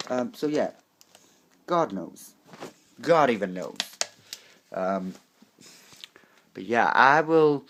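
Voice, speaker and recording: A man's voice: fairly low pitch, a little mellow, slight background noise, poor audio. Rambling, sweary young man vlogging. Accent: American, put on. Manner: rambling, sweary, full of fillers. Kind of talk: casual rambling vlog.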